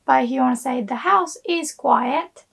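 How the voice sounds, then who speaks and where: A woman teaching grammar in English, slowly repeating example phrases, her voice hoarse from illness. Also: high-pitched, fairly bright tone. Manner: slow, careful repetition of example phrases. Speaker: Japanese language teacher. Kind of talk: language lesson explanation.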